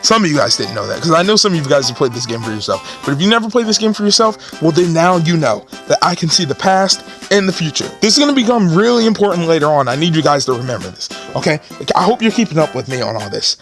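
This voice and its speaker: A man commentating casually over a story game, joking in a playful, animated way. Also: on the high side, fast talker, few pauses, faint music behind. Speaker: gameplay streamer reading game dialogue.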